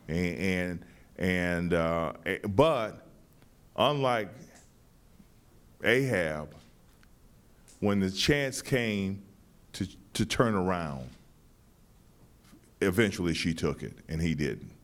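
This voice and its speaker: Halting, low-voiced male playwright. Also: lively intonation, a bit bright. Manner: halting, many repeated starts, thoughtful. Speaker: playwright and director. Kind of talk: interview answers.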